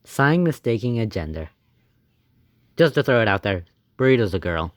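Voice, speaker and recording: An excitable man talks through a casual reaction video. His fairly low voice swings widely up and down as he rambles, laughs and gasps. The sound is dry and close, with faint music behind him. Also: moderate pace, no echo. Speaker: animator reacting to his own old episode.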